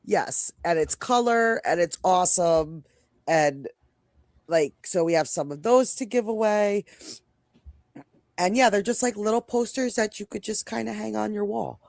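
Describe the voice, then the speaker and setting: A woman's voice: mid-range voice, unhurried, creaky, darkish tone, dry recording, studio quality. A woman with a New York accent co-hosting a casual live stream, chatty and rambling, often breaking off mid-sentence. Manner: chatty, rambling, self-interrupting. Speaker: co-host.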